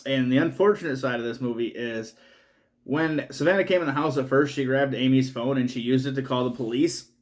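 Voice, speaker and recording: A man's voice: medium pitch, fairly quick. A man recaps a horror film in a loose, casual review. He swears freely and laughs his way through the story, wandering from point to point. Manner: profane, laughing, rambling recap. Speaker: movie reviewer.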